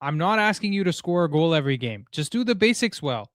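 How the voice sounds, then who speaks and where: A man watching football live for his viewers and ranting his frustration with stammered restarts and curses. His voice sits a little high and sounds close and dry, with no room around it. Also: sing-song, quick pace, no echo. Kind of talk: live match reaction. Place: home room.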